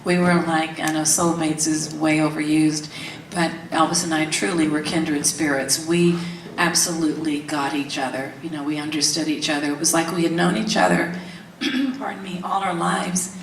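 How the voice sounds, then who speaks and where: A woman's voice: low-pitched, normal speed, distant mic, a little hiss or hum. An older woman, telling stories candidly in an interview and acting out the voices she quotes. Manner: animated storytelling, acts out quoted voices, laughs often. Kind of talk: candid storytelling. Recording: roomy echo from off mic, faint ambience.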